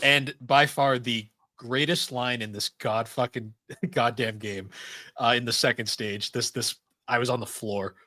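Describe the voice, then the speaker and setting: A man's voice: medium pitch, fairly even intonation, measured pace, bright, forceful tone, no room sound. A man co-hosting a podcast, chatting enthusiastically about retro games, laughing and swearing often. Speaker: podcast co-host.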